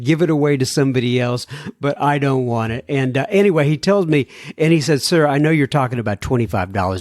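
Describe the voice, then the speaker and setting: A man hosting a podcast, his voice fairly high for a man and swinging up and down as he talks. He chats casually and animatedly, chuckling through his stories and letters. The close, dry mic gives no sense of a room. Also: no echo. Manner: animated, chuckling, mock-pleading. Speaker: podcast host. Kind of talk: casual storytelling and reading listener mail.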